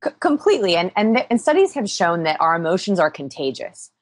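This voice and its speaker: A woman interviewed as an expert, explaining energetically with quick examples. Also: fairly low pitch, big pitch swings, no room sound. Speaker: interview guest, body language expert. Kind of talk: podcast interview.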